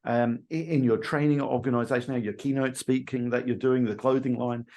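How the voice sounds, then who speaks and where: A man's voice: mid-range voice, fairly even intonation, brisk, dark tone. A man with an Australian accent hosting a podcast, chatting in a friendly way and asking questions. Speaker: podcast host. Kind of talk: interview conversation.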